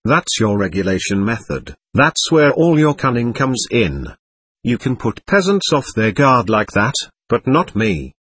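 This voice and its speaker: A man voicing an excitable, proud nobleman under police questioning, talking on and on in a defiant way. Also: medium pitch, measured pace, breathy edge, dry recording, full character voice. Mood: defiant, voluble. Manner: voluble, defiant, laughing nervously.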